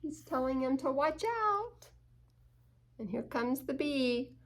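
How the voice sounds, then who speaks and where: A woman reading a picture book aloud to children, animated and laughing, asking her listeners questions. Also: high voice, slow pace. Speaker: children's storyteller.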